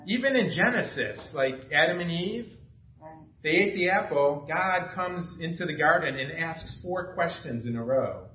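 A man's voice: fairly high pitch, expressive, a little slow, slight background noise. A middle-aged man preaching an informal, conversational sermon, self-deprecating and asking the room questions. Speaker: pastor. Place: small church room. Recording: echoey room from far off, dull sound.

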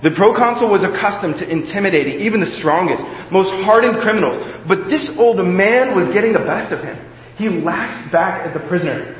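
Preacher dramatically reading a story. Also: male voice, high voice, animated, brisk, slight background noise. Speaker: pastor. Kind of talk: sermon, reading a story aloud. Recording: echoey hall, slightly dull.

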